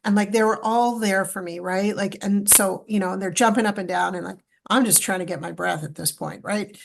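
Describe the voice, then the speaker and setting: A middle-aged woman from Canada, a podcast guest telling a story in a lively, emotional way and acting out the dialogue. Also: mid-range voice, fairly quick, gravelly, a little hiss or hum. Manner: animated, acts out quoted dialogue, emotional retelling. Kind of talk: storytelling in a casual interview.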